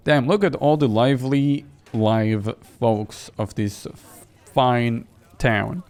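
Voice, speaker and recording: A man's voice: mid-range voice, takes it slowly, darkish tone, faint music behind. Joking man playing a horror game. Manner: joking, laughs at himself. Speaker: gaming video host. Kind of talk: let's play commentary.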